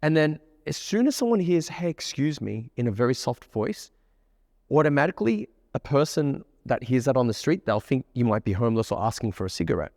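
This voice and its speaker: A man with an Australian accent giving a lively presentation as a dating coach, acting out example voices. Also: mid-range voice, a little fast, in a large hall. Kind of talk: presentation to a group.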